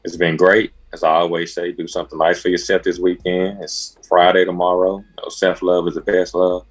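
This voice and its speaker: A man from Mississippi, a therapist co-hosting a podcast, calmly signing off with encouragement. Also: low-pitched, brisk. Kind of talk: casual sign-off.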